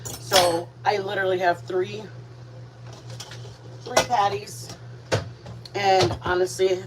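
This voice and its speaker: A woman's voice: medium pitch, little pitch movement, slow pace. Chatty older woman talking to viewers. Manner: chatty, playful, addresses viewers as guys. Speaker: host of a cooking and eating livestream. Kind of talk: casual chat to viewers while eating. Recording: distant mic with background noise.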